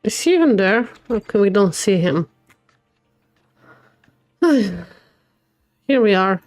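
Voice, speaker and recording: A woman's voice: mid-range voice, big pitch swings, slow pace, darkish tone, no echo. A young adult woman streaming a game live, reading the dialogue aloud and reacting emotionally between lines.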